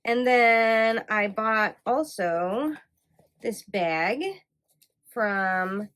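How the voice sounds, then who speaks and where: Woman host from Michigan, unhurried and enthusiastic show-and-tell chat, filler-heavy, mid-pitched. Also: fairly bright tone, smooth. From Michigan, USA. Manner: chatty and enthusiastic, many ums and likes. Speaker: yarn dyer and podcast host.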